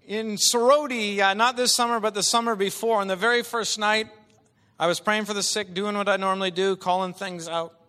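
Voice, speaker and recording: A male preacher delivering an impassioned sermon, swinging from quiet talk to shouting. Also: high voice, steady tone, a little fast. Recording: long hall reverb.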